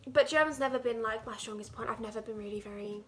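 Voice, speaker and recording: A woman's voice: a little high, quick pace, slight background noise. A teenage girl from England chatting casually to her vlog camera, rambling with lots of "like". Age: teens. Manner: chatty, rambling, heavy use of "like". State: out of breath. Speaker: vlogger.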